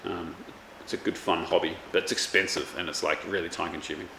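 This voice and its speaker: A chef and vlogger in his thirties speaks fairly quickly in a low, steady voice that's creaky, bright, and forceful. His casual chat rambles with many fillers and restarts. The echoey room carries faint background noise.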